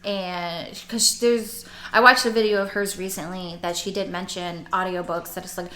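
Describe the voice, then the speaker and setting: A woman's voice: mid-range voice, normal speed, hardly any pauses, bright, forceful tone. A young woman chatting casually to camera as a book vlogger, rambling with restarts. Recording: roomy echo.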